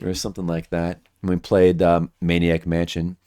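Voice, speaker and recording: A man's voice: sits low, normal speed. A man streaming a video game, chatting casually and making goofy jokes to his viewers. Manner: goofy, jokey, laughs often. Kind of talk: casual joking commentary over gameplay.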